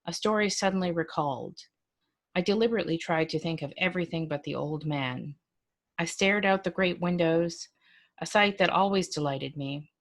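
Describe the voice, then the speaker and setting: A woman, a librarian, reading a first-person story aloud in a measured, dry, expressive way. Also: lowish voice.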